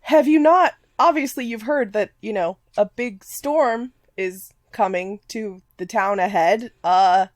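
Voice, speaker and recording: A woman voicing a stern, rule-bound male royal guard who gives flat, firm orders. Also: mid-range voice, a little slow, hardly any pauses, no echo, clean studio sound, close to an everyday voice.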